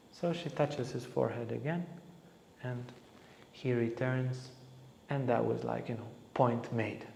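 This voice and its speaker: A man's voice: medium pitch, normal speed, vocal fry, muffled recording. A man teaching as a spiritual teacher, telling a story with animation and acting out the lines of the people in it. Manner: animated storyteller who acts out quotes. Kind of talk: storytelling talk. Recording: echoey hall reverb.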